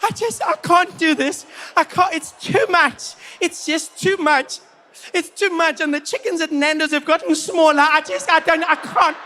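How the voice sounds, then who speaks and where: A man's voice: very high voice, steady tone, normal speed, sharp tone, slight background noise, voice pushed up. A man voicing a fretful, overwhelmed woman with a South African accent who whines and repeats herself. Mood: exasperated. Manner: whiny, exasperated, repeating herself.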